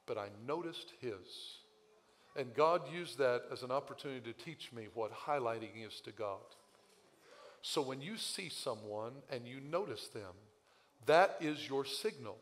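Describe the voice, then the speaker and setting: A man preaching a sermon as pastor, telling a story in an animated, self-deprecating way, his voice recovering from having been lost. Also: mid-range voice, in a large hall. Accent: Midwestern American. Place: church sanctuary.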